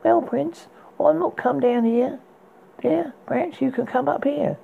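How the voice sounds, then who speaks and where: A man doing Rapunzel, pert and high. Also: unhurried, vocal fry, narrow, tinny audio, exaggerated voice. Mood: saucy. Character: beautiful young woman locked in a tower.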